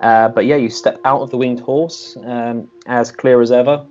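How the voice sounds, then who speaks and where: A man narrating as game master of a tabletop game, loose and relaxed with many fillers. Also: medium pitch, normal speed. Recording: dull lo-fi with music behind.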